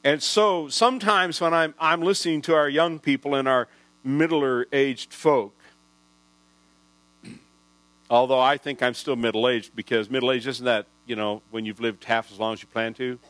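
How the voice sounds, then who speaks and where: A man in his sixties delivers a folksy, wandering sermon story at a measured pace, pausing often and frequently starting his sentences again. As a pastor he speaks in a mid-range, slightly bright voice with fairly even intonation. The rough recording is dry, with no room sound but a mains hum.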